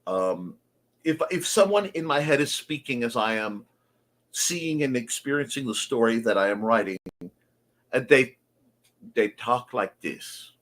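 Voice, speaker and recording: A man's voice: mid-range voice, expressive, moderate pace, a bit bright. A man hosting a creative morning show, talking earnestly and confessionally in a folksy way. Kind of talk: reflective monologue.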